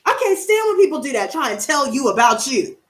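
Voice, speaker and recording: A woman in her twenties talks bluntly and heatedly to her livestream, swearing freely. Her voice sits high and swings widely in pitch. The sound carries a roomy echo. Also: sing-song, a little fast, a bit bright. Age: 20s. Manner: blunt, profane and heated, ranting and laughing. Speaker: tarot reader and streamer. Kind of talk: casual livestream chat.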